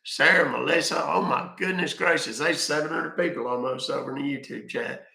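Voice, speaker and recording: Gravelly, bright-voiced man hosting a live stream. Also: a little high, fairly quick, roomy sound. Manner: rambling, thanks viewers by name, swears casually. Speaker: live-stream scambaiter host. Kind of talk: casual live-stream chat. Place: at home.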